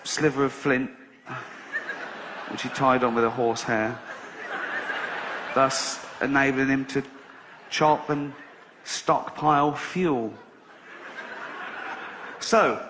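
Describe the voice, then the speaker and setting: A male stand-up comedian with a mid-range voice tells a rambling, sweary story full of sarcastic asides. It's a slightly dull live recording with background noise.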